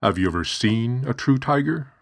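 A man voicing a calm, stern older male teacher and healer who speaks in a measured, instructive way. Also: mid-range voice, voice pushed up.

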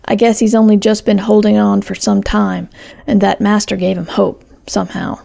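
A woman's voice: medium pitch, flat delivery, moderate pace, creaky, mellow. A woman reading the part of a timid, fearful middle-aged foster father who snaps in anger. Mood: worried.

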